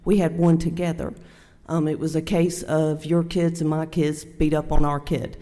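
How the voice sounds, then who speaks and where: An older woman with a Southern US accent giving a halting, heartfelt Mother's Day talk at a church microphone, near tears. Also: low-pitched, level tone, mellow. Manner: halting, heartfelt, many fillers. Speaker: church speaker. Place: church sanctuary. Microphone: handheld microphone. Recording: long church hall reverb.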